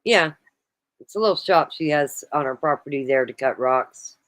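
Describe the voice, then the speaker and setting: Woman host, low-pitched and teasing, very dry close recording. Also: lively intonation, moderate pace, a bit bright, dry recording. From United States. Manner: laid-back, teasing. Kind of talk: casual chat.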